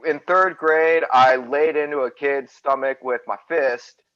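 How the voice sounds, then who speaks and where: A man's voice: mid-range voice, steady tone, unhurried, fairly bright tone, no room sound, highs cut off. A man on a casual podcast, talking bluntly and swearing freely. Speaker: podcast co-host.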